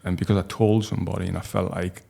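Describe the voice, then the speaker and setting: A man, telling a personal story as a podcast guest in a halting, heartfelt way with many restarts. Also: low voice, level tone, creaky, mellow, breathy edge. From North East England. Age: 40s.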